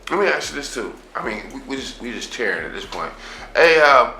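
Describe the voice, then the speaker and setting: A man's voice: medium pitch, very animated, a little fast, gravelly, pushed and bright, a little hiss or hum. A man hosting an interview, asking questions in a loose, conversational way with slang and restarts. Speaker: interviewer, show host. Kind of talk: casual interview talk. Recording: echoey room.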